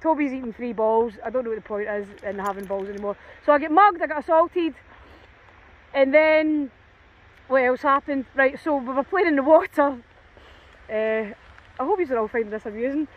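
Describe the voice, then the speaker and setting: Out on a cold, rainy dog walk in an open field, a vlogger chats to the camera, sounding run down, mocking herself and laughing often. Her voice sits high and moves at a moderate pace. The audio is narrow and tinny.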